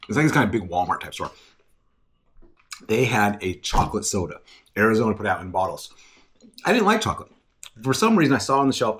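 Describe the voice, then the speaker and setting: Chatty low-voiced man reviewing snacks. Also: fairly bright tone. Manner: chatty, rambling and self-mocking, laughs often. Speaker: food reviewer. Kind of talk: casual food-tasting vlog.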